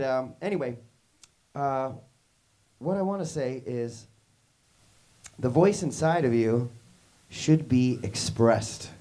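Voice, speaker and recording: A man's voice: mid-range voice, warm tone. A man leading a workshop, telling stories in a casual, rambling way to young students, full of "like" and "you know" and acted-out quotes. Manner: acts out quoted voices in his stories.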